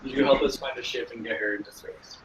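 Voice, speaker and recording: A man's voice: mid-range voice, fairly even intonation, fast, a little hiss or hum. Guy playing in character, stammers and restarts a lot, roomy sound far from the mic. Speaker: player. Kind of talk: in-character role-play talk.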